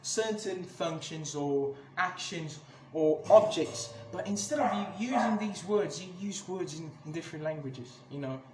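High-voiced man ranting angrily on a podcast. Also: lively intonation, measured pace, few pauses. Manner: angry, swears a lot, many restarts. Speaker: podcast host. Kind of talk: casual ranting monologue. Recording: echoey room with clear background noise.

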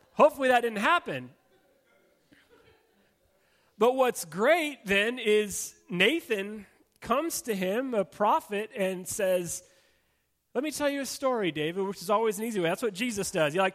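High-voiced man preaching casually. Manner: conversational preaching with casual fillers, drops soft and slow for emphasis. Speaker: pastor. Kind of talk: sermon.

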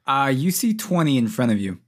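A man narrating as game master of a tabletop game, relaxed and joking, laughing often. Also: medium pitch, fairly quick.

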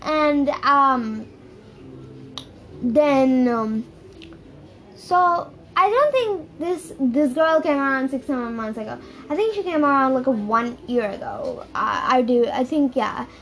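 A young woman with a high voice tells a story straight to camera. She rambles, doubles back and leans on filler words as she goes. A faint hum of background noise sits under her voice. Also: expressive, slow, a bit bright. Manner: rambling, repeats herself, lots of "like" and "bro". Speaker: vlogger telling a story. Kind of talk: casual storytime.

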